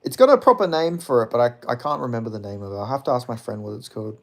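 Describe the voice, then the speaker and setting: Very fast and expressive at a medium pitch, a man in his twenties reads his live-stream chat aloud. It's casual, profane, rambling talk, broken up by frequent laughter.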